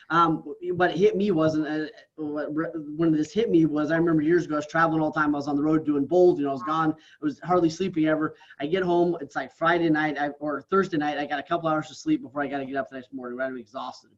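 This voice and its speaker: He has a slightly high voice, and the recording cuts off the highs. In a casual podcast interview, he speaks earnestly as a guest, with many of his lines finished off by "right?"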